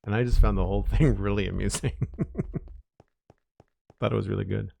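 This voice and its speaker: Low-voiced man chatting on a game stream. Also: moderate pace, vocal fry, a little mellow, slight background noise. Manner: rambling, chatty, with fillers and self-corrections. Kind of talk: casual live-stream chat while playing.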